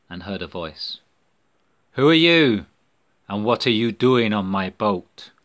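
Male storybook narrator, slow and lively in pitch. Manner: slow, expressive reading.

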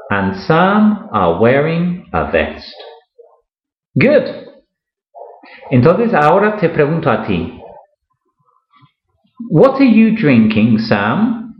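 Man teaching english, very slow and patient, lively sing-song pitch, echoey dull recording. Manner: slow and patient, repeats each sentence, lively rising praise. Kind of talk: slow, repeated English lesson with Spanish explanations.

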